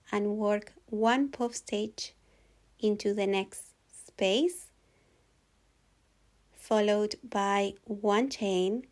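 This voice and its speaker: In a calm, patient voice-over, a woman walks viewers through a crochet tutorial. Her delivery is slow and even, pitched in the middle, and she frequently revisits a step so it's easy to follow.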